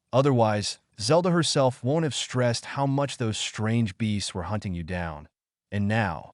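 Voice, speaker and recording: A man's voice: lowish voice, no room sound, clean studio sound, lightly acted. Man doing a crude, defiant young brawler. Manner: crude, taunting.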